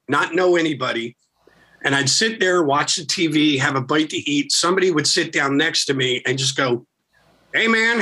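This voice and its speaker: A man from Philadelphia, a rock singer, telling stories in casual, profane, animated talk as a podcast guest. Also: mid-range voice. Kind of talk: casual storytelling.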